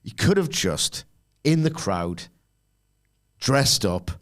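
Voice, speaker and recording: A man co-hosting a podcast, speaking at a medium pitch with an animated, swooping delivery. He argues his opinions in casual chat and jumps into excited asides. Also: takes it slowly. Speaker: podcast co-host.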